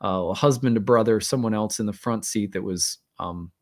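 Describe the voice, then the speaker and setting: A man's voice: lowish voice, normal speed, darkish tone. A man hosting an astrology channel, telling a personal story in a candid, rambling way with many fillers and self-deprecating asides. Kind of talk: casual storytelling monologue.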